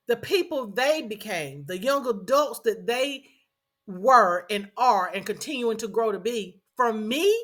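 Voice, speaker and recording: A woman's voice: a little high, pushed and bright. A middle-aged woman, earnestly telling a personal story as a podcast host and repeating phrases for emphasis.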